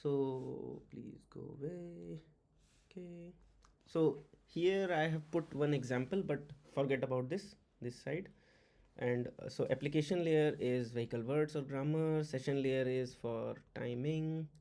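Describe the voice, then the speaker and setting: Halting man teaching tech. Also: mid-range voice, mellow. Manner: halting, many uh fillers and restarts, repeats key words. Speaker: automotive diagnostics instructor. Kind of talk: informal whiteboard lecture.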